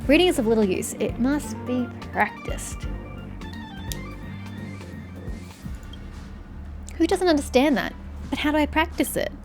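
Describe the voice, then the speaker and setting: A woman reading game dialogue aloud, voicing a blunt, sharp-tongued young woman researcher who is secretly socially awkward. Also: high voice, lively intonation, a little fast, over music, pitched above the performer's own voice. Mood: flustered. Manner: curt and prickly, turning flustered.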